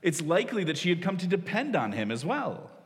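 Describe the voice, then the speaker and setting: A pastor in his forties preaches a sermon loosely and conversationally, his high, sing-song voice moving briskly as he laughs at himself and restarts often. He speaks into a stage microphone in a church hall, and the large room leaves a long reverb.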